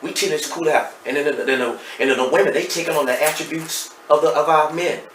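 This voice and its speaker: Fast-talking Texan man, roomy off-mic sound. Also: a little high, recorded from a distance. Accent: Southern US, Texas. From Dallas, Texas. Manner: fast, streetwise and intense, swings between loud and hushed. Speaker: podcast guest, hip hop artist. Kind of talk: candid emotional storytelling. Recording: roomy echo, off-mic, faint noise.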